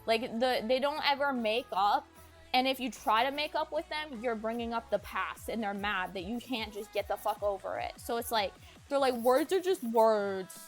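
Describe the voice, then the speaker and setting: A woman's voice: a little high, moderate pace, soft background music. A woman streamer telling a personal story in a rambling way, with lots of "like" and frequent restarts.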